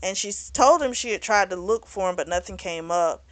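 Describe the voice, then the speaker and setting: A woman hosting a book club channel, recapping a novel's plot in a blunt, animated way, swearing and laughing now and then. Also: medium pitch, a little fast, dry recording. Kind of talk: casual book recap and review.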